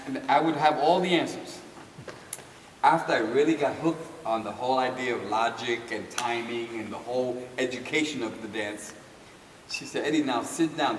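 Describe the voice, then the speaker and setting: Recorded from far off in an echoey hall with constant noise underneath, an older dance teacher recounts a tale at medium pitch and normal speed, laughing and animated as he mimics the voices of those he quotes.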